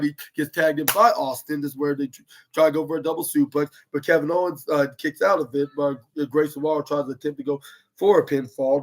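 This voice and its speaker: A man hosting a podcast, recapping a match move by move in a rambling way, with many fillers and restarts. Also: on the high side. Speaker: podcast host.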